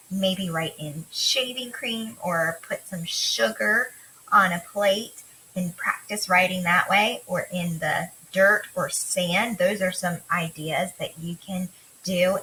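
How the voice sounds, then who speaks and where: A woman teacher giving a remote phonics lesson to young children, talking slowly in a sing-song way and drawing out letter sounds. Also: medium pitch, creaky, sharp tone, slight background noise, low-quality recording. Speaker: kindergarten teacher.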